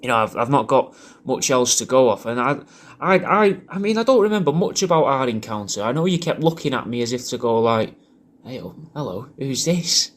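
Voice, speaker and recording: A man rambles through a casual video message, swearing freely and restarting his sentences. His voice sits at a middling pitch. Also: lively intonation, a little fast. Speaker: comedian recording a personalised video message.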